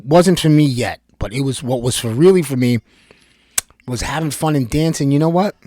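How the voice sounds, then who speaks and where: Male vlogger from New Jersey, high lively voice, rambling, animated monologue with casual swearing. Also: dry recording. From Bayonne, New Jersey.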